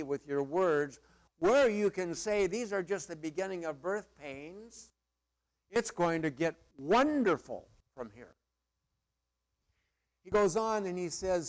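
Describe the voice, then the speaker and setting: A middle-aged male pastor preaching a sermon in a conversational, emphatic way with playful asides. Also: fairly high pitch.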